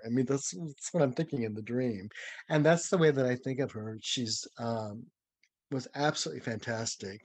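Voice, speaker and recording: An older man, a former ballet dancer, telling lively, dramatic stories as an interview guest. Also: medium pitch, normal speed, dry recording. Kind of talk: anecdotal storytelling.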